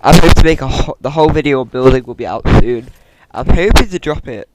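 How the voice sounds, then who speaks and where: A man's voice: mid-range voice, fast, very noisy. Chatty man recapping game leaks. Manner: chatty, jokey asides, self-described monotone delivery. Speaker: gaming YouTuber. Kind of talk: casual game-news commentary over gameplay.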